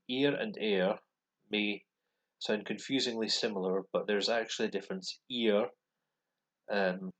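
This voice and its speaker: A man with a Scottish accent and a deep, low voice walks through language exercises. He talks casually and hesitantly, often pausing on um and restarting his sentences. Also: low-quality recording. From Scotland. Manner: hesitant, many ums and restarts. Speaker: language learner vlogger. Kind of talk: casual explanatory walkthrough. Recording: voice with computer speakers playing.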